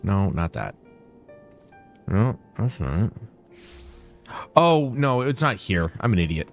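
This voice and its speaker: Game streamer, male, playful and jokey; low-ish voice with lively ups and downs. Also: slow pace, soft background music. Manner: playful, jokey, muttering to himself. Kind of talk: casual livestream commentary.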